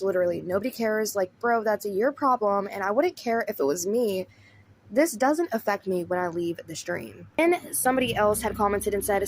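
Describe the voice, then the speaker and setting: A woman's voice: mid-range voice, animated, normal speed, a little hiss or hum. A woman with a Southern US accent giving blunt, chatty commentary, often addressing viewers as y'all. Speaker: commentary host. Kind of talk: casual commentary.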